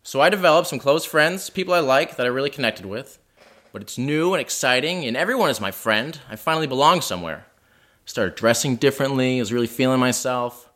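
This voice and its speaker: A man's voice: mid-range voice, animated, fairly quick, a bit bright. A man telling a wry, self-deprecating personal story at a live house show in a living room.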